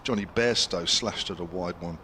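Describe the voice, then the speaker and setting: Cricket commentator, man, lowish voice, chatty live delivery, noisy outdoor feed. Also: normal speed, bright, forceful tone. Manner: chatty, chiming in with asides to his co-commentator.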